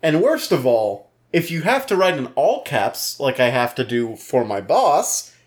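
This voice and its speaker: A man co-hosting a podcast in casual, joking banter, playful and quick to swear. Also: mid-range voice, big pitch swings. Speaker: podcast co-host.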